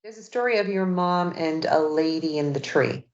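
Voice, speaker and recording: A woman podcast host in relaxed, casual interview chat, giving frequent mm-hmms. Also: low voice, normal speed. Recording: dull lo-fi audio.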